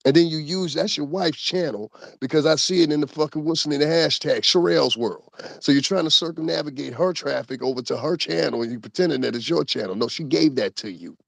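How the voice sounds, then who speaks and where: A man's voice: a little high, fairly quick, gravelly, dry recording. A man giving a heated, profane, casual commentary rant with laughing asides. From Connecticut, USA. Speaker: commentary host.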